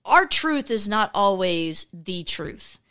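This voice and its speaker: Woman podcast host. Chatty, animated solo talk with many fillers. Acts out the voices she quotes. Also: mid-range voice, slow pace, clear, resonant tone. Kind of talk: casual faith podcast monologue.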